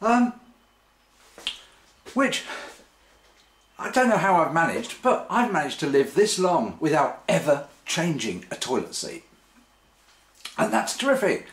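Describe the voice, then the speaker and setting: A man's voice: fairly high pitch, big pitch swings, unhurried, long pauses. A man rambling wryly to camera in his kitchen, hesitant and full of ums and restarts. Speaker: vlogger. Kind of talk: casual rambling monologue. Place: home kitchen. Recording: roomy kitchen echo.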